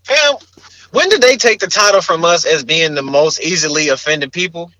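A man's voice: on the high side, normal speed, pushed and bright, dry recording, dull audio. A man co-hosting a podcast in casual chat, ranting brashly and crudely and joking as he goes. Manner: brash, profane, joking rants. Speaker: podcast co-host.

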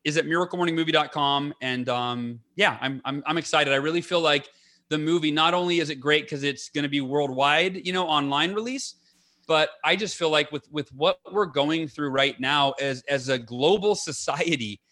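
A man's voice: on the high side, moderate pace, pushed and bright. A man being interviewed as a guest on a podcast, talking in an earnest, enthusiastic way and often restarting his sentences. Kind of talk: casual interview talk.

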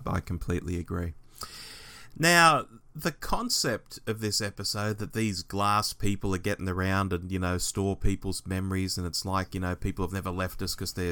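A man co-hosting a podcast in casual review chat, jokey and animated. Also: deep voice, no echo. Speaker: podcast co-host.

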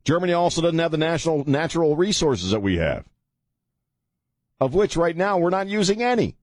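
A man's voice: on the high side, very animated, brisk, a little mellow, dry recording. A man hosting a talk radio show, ranting with heavy sarcasm into a studio microphone.

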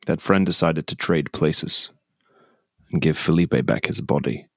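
A man with a very deep voice speaks in character at a tabletop game. He is measured and earnest. The sound is dry and close. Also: gravelly, fairly bright tone, no echo. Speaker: player. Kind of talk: role-playing in character.

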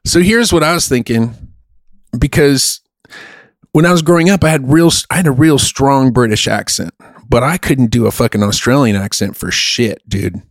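A man's voice: medium pitch, moderate pace, no echo, clean studio sound. A man hosting a podcast in casual chat, profane and emphatic, rambling with a playful streak. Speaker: podcast host.

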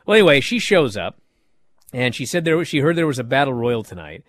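A man's voice: mid-range voice, brisk. A man hosting a podcast, recapping wrestling in casual chat and mocking the people he describes with impressions. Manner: animated storytelling with mocking impressions.

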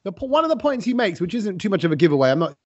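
Lively, high-voiced male co-host, chatty storyteller, dull lo-fi audio. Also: very fast. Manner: animated, chatty storyteller with many restarts. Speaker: podcast co-host. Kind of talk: casual chat.

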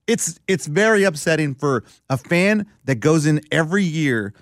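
A man's voice: on the high side, normal speed, no room sound, clean studio sound. A man from South Texas, co-hosting a casual sports chat and ranting about his team. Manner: animated, ranting, swearing. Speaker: podcast co-host.

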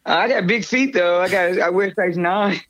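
A woman guest telling stories in a casual interview, lively and acting out what others said. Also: lowish voice, normal speed, a little hiss or hum. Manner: animated storyteller, acts out others' lines. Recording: dull lo-fi recording.

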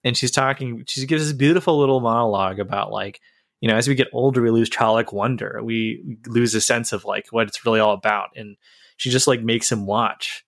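A man's voice: medium pitch, fairly quick, gravelly, a bit bright, no room sound, studio quality. A man in casual podcast chat, earnestly and animatedly retelling a story.

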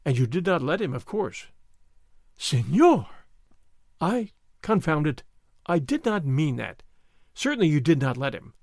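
A man's voice: fairly high pitch, big pitch swings, unhurried, long pauses, darkish tone, dry recording, clean studio sound, heavily acted. A man reading aloud and voicing an idle young nobleman who drawls lazily and avoids all effort. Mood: languid. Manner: lazy, drawling.

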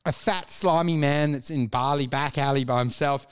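A man chatting casually and crudely, joking and acting out quick voices. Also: medium pitch, clean tone. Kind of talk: casual comedic chat.

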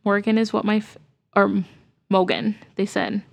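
Flat-voiced woman reading a ghost story. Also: mid-range voice, measured pace, vocal fry, noisy background. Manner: earnest, gets emotional while reading. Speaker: podcast co-host.

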